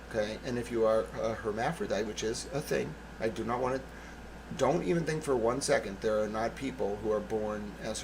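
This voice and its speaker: A man's voice: medium pitch, noisy background. A man hosting his own channel, delivering a blunt, profane, sarcastic political monologue. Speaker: channel host.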